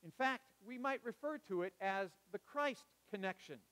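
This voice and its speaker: A man preaching a sermon, telling a story in a measured, dramatic way. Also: high-pitched, lively intonation, a bit bright, in a large hall. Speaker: pastor. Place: church sanctuary.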